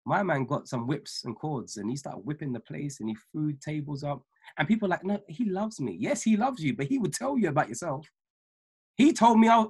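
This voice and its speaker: A man who is an ordained minister, giving a motivational talk on a weekly video call, preachy and emphatic, repeating key lines slowly for notes. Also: a little high, slightly rough. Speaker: ordained minister and trading mentor.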